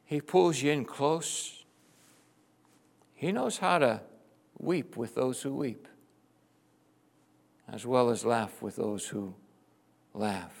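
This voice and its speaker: A middle-aged male pastor preaching with passion, swinging between loud exclamations and hushed, tender passages. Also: mid-range voice, slow pace, vocal fry, long pauses. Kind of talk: sermon.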